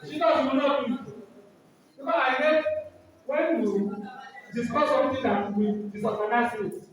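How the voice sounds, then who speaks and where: A man's voice: extremely high pitch, fairly even intonation, normal speed. A middle-aged Nigerian man preaching at a church program, exhorting and asking the same questions again and again. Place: large hall, church program. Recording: echoey hall, mic far off.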